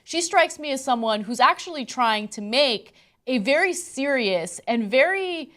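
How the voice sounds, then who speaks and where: A woman's voice: high-pitched, lively intonation, measured pace. A woman giving earnest opinion commentary, explaining her point. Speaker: show commentator. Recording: loud crowd and noise behind.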